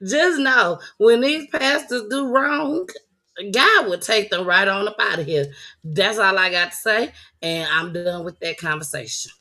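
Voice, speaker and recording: A woman's voice: medium pitch, expressive, measured pace, pushed and bright. A woman hosting a casual chat show, talking loosely and laughing as she speaks straight to her viewers. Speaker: host.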